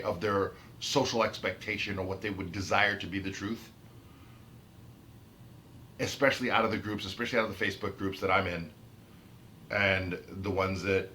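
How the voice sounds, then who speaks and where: A man's voice: deep voice, bright, forceful tone, slight background noise. A man ranting about his autism in an unscripted vlog, heated and emphatic, repeating and restarting his phrases. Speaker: autistic vlogger. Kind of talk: unscripted rant to camera.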